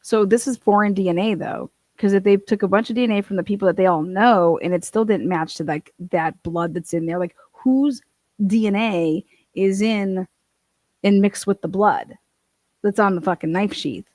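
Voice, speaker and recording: A woman's voice: mid-range voice, moderate pace, darkish tone, dry recording. A woman hosting a casual true crime livestream, swearing freely, laughing and reading court documents aloud. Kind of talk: casual profane livestream commentary.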